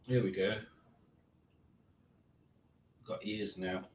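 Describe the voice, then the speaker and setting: A man's voice: low-pitched, steady tone, normal speed, a little hiss or hum. A man in his late forties hosting a casual live stream, rambling and reading out chat with self-mocking asides. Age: 40s.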